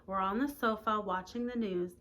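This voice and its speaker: Teacher reads a novel aloud at home, bright voice, casual asides, light room noise. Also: female voice, mid-range voice, moderate pace. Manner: plain reading voice, chatty asides to listeners.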